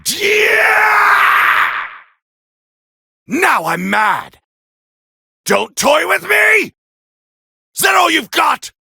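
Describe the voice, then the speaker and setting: Vegeta, snarling arrogant warrior prince. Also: male voice, extremely high pitch, very animated, drawn-out words, pauses often, no echo, studio quality, exaggerated voice. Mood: arrogant, furious. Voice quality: gravelly, raspy. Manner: snarling, boastful battle shouts and taunts. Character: arrogant proud male alien warrior prince. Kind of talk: video game voice clips. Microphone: close studio mic, dry.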